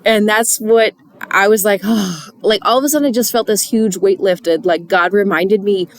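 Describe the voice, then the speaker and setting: A woman's voice: mid-range voice, moderate pace. Earnest chatty woman giving a devotional. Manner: earnest, chatty, many fillers and restarts. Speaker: church volunteer leader. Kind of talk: casual devotional talk.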